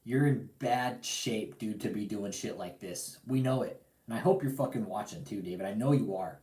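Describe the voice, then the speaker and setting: This man's voice sits on the low side, with a darkish tone at normal speed, recorded in an echoey room. As a livestream host, he delivers a heated rant, angry and profane, repeating himself and calling out his target directly.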